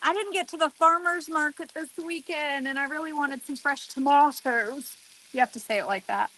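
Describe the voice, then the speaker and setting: A woman with a fairly high voice chats casually while she cooks outdoors on a deck. She talks straight to her viewers and exclaims freely as she works. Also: moderate pace, bright, forceful tone. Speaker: cooking vlogger. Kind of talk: casual chat while cooking.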